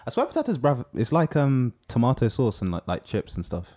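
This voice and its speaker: A young man, co-hosting a casual chat and telling animated stories with lots of fillers. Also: mid-range voice, brisk. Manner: animated storyteller, many fillers. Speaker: podcast co-host.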